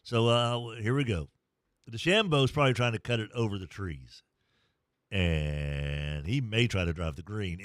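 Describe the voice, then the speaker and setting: A man hosting a morning sports radio show, chatting casually and breaking into excited play-by-play. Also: fairly low pitch, unhurried, no echo, clean studio sound.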